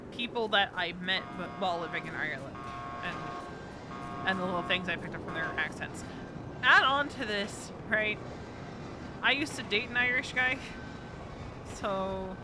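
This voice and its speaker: A woman from New Jersey streaming a game, chatting casually and rambling with frequent ums. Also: medium pitch. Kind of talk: casual gaming chat. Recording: game sounds and vehicle noise behind. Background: game ambience and vehicle sounds.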